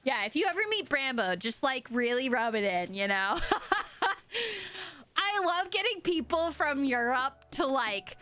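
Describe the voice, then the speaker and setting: A woman's voice: high-pitched, big pitch swings, measured pace, pushed and bright. A young American woman streaming a game, chatting in a rambling, giggly, self-deprecating way. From United States. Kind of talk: casual chat with viewers while gaming.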